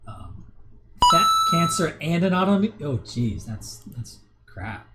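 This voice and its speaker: A man in his thirties hosts a casual livestream, reading viewer comments and rambling with many restarts and chuckles. His voice is on the high side and sing-song, he takes it slowly, and there is background noise.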